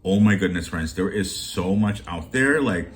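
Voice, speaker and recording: A man's voice: deep voice, animated, moderate pace, slight background noise. A man chatting casually and ramblingly to his viewers as a shopping deals vlogger. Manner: chatty and rambling, warm greetings.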